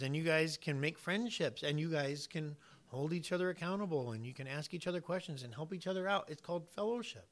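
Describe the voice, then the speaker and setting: A pastor with a bright, somewhat high voice preaches emphatically, moving between quiet asides and loud, punchy points. His sermon leans on vivid hypotheticals and imagined dialogue he acts out.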